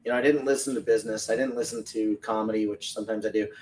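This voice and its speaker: A man's voice: on the low side, fairly even intonation, rapid-fire, darkish tone, a little hiss or hum. A middle-aged man co-hosting a casual podcast, rambling and chatty. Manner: rambling, chatty, reads viewer comments aloud. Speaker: podcast co-host. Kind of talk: casual livestream chat. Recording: distant from the mic.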